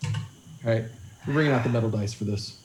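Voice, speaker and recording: A man's voice: on the low side, fast, background noise. A man playing in a tabletop game, stating his moves and rolls plainly and matter-of-factly. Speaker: player.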